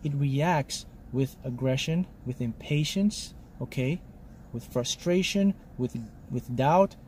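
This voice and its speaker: Slow and a little mellow, a man at medium pitch delivers a motivational talk as a spiritual mentor, lecturing in short, emphatic bursts and regularly asking "okay?". There's slight background noise.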